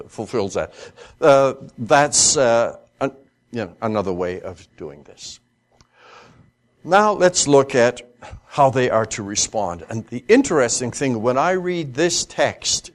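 A man lectures a class on scripture in a fairly high voice, unhurried and deliberate. He stumbles through fillers and restarts, then leans hard on each quoted verse as he reads it out slowly. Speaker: Bible lecturer.

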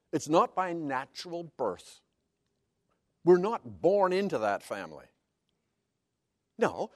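A man's voice: a little high, no room sound, studio quality. A man preaching a sermon as Bible teaching, stressing key words emphatically and explaining Hebrew terms one by one.

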